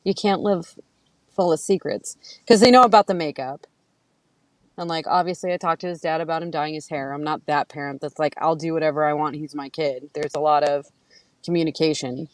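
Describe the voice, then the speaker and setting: A woman's voice: low voice, a little fast, dry recording, poor audio. Chatty woman telling stories with laughter. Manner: animated storytelling, acts out quotes, laughs often. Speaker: guest. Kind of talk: casual chat.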